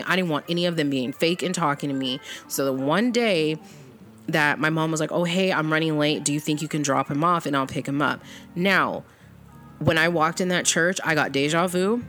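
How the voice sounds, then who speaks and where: A woman's voice: low voice, fairly bright tone. A woman in her thirties telling a personal story in a blunt, profane way, acting out the back-and-forth of what people said.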